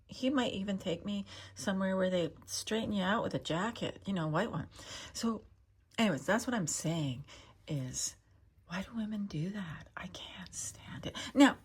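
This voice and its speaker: A middle-aged woman rambling to her cat on her channel, opinionated and easily sidetracked. Her voice sits somewhat low for a woman, with a husky, slightly rough grain. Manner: chatty, opinionated, wandering asides.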